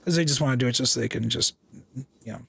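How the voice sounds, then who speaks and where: A man in casual chat, telling lively stories about a house and acting out the voices of the people in them. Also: medium pitch, fast talker, vocal fry, slightly rough, no room sound, studio quality. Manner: animated, acts out quoted dialogue, many restarts.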